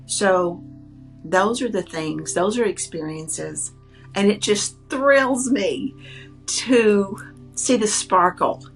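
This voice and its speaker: A woman who works as a psychic medium, telling a personal story in an earnest, animated way and acting out the people she quotes. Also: mid-range voice, slow, faint music behind.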